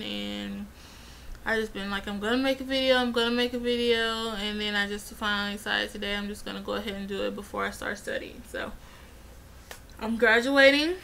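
A woman's voice: on the high side, creaky, sharp tone, slight background noise, low-quality recording. A young woman chatting casually in a vlog, rambling and getting heated as she retells events. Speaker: vlogger.

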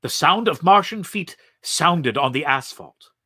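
Slow, expressive male story reader. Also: fairly high pitch, no echo, clean studio sound. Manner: slow, expressive, vivid narration. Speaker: actor reading aloud. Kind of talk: dramatic story reading.

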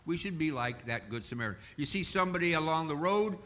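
A man's voice: fairly high pitch, lively intonation, fast, a bit bright. A male pastor preaching a sermon in a folksy, joking storytelling manner in a church.

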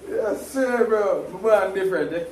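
A man's voice: high voice, moderate pace, a little mellow. A young man vlogging casually at an airport, laid-back and full of street slang. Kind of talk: casual travel vlog. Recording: echoey space with faint noise.

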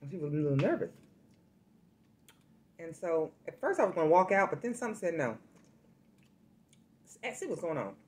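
A woman hosting a casual food vlog, talking straight to her viewers and telling a story in a lively, chatty way. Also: lowish voice, normal speed, pauses often, slight background noise. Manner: chatty, addresses viewers directly, animated storytelling. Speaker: food vlogger.

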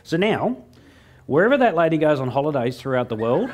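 Speaking to a live crowd, whose noise is audible, a middle-aged Australian man delivers a motivational keynote full of cheeky stories, playing both parts of each conversation and landing jokey punchlines. His voice runs on the high side and sing-song, a little fast, with frequent pauses.

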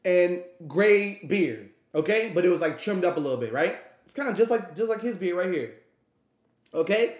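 A man telling a story to a live audience, animated and profane, acting out the people in it. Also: high voice, echoey room. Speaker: streamer.

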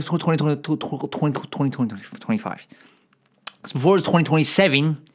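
A man hosting a podcast, talking in a rambling, profane comedic monologue, full of restarts and stammers, who says he feels bloated and irritable. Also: medium pitch. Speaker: podcast host.

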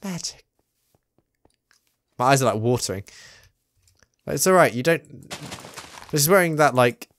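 A gamer giving excitable, self-mocking commentary on a let's play. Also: mid-range voice, measured pace, creaky, long pauses, dry recording. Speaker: gaming YouTuber.

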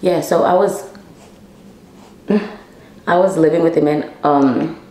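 Candid young woman with a low voice. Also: steady tone, takes it slowly, long pauses, a little mellow, roomy sound, slight background noise, poor audio. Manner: candid, emotional, swears freely, addresses viewers as y'all. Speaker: vlogger telling a personal story. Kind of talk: casual storytime.

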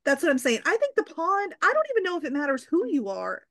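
A woman's voice: sits high, huge pitch swings, quick pace, a bit bright. A woman co-hosting a casual fan podcast, tossing out theories in a tentative, hedging way. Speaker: podcast co-host.

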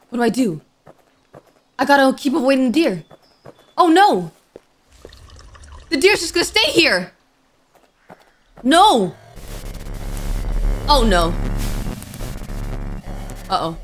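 A woman's voice: high voice, sing-song, slow pace, pauses often, fairly bright tone. A woman giving let's-play commentary, jumpy and flustered. She keeps crying out in alarm and pleads with the game under pressure. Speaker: gaming YouTuber. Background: game music.

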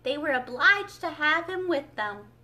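A woman voicing the Mock Turtle in a storybook read-aloud, drawn-out and easily offended. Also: sits high, lively intonation, sharp tone, voice pushed up, heavily acted. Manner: slow, drawn-out, touchy.

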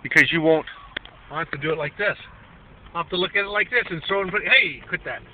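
A man's voice: on the high side, quick pace, narrow, tinny audio, slight background noise. A man chatting playfully with a toddler in a home video, teasing and sing-song, from a parked car.

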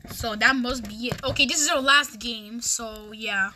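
A woman chatting casually while gaming with friends, excitable and dramatic, shrieking, laughing and complaining loudly. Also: fairly high pitch, unhurried, slight background noise. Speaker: channel host.

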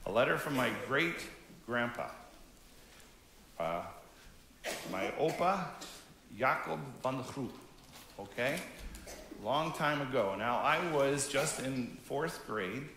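A man in his fifties, a pastor from Canada, giving a gentle, conversational children's message during a church service. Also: mid-range voice, lively intonation, slow, pauses often, reverberant, a little hiss or hum. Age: 50s. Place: church sanctuary.

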